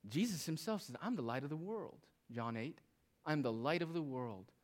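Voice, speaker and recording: A male pastor preaching a sermon, moving between loud, emphatic phrases and quiet, hushed asides. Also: fairly high pitch, lively intonation, moderate pace.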